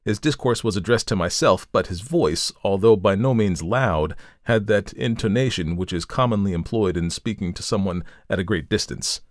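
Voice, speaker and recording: Male podcast narrator, lower voice, dry close sound, measured formal reading of a classic tale. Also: no room sound. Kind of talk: scripted narration of a classic story.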